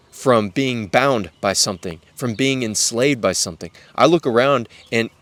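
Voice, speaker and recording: A man's voice: mid-range voice, a bit bright, dry recording. Earnest man in a dry close-miked talk. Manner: earnest, repetitive, drops to near-whisper on "guys". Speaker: Christian podcast host. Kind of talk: casual devotional talk to men.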